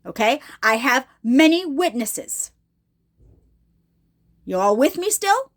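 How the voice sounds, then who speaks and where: A woman with a high-pitched voice tells her story straight to her viewers in a casual ministry vlog. She speaks emphatically and keeps pausing to ask if they are still with her. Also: sing-song. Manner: emphatic, addresses viewers directly with repeated check-ins. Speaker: ministry vlogger.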